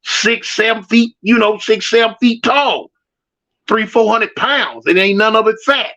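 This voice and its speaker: Speaking at a measured pace with a high voice, a man narrates a street tale in slangy, animated fashion. He acts out the different voices and replies to his live chat, and the recording sounds dull and lo-fi.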